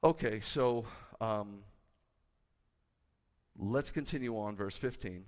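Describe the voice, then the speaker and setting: A man, a rabbi, preaching a sermon with a conversational manner and bursts of loud, emphatic delivery. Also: on the low side, slow. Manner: animated, rising to loud emphatic peaks. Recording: hall with long reverb.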